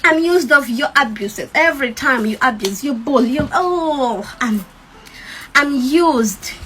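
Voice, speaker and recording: A woman's voice: high voice, lively intonation, measured pace, sharp tone, a little hiss or hum. A young woman, speaking defiantly and emphatically to her followers, repeating herself. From Uganda. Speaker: TikTok creator. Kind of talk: defiant talk to camera.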